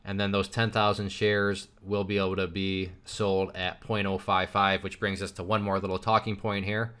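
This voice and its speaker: A man with a fairly low voice gives a recorded trading lesson. He talks it through casually, asks himself rhetorical questions and often restarts his sentences. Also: level tone, moderate pace, sharp tone, smooth. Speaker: trading instructor.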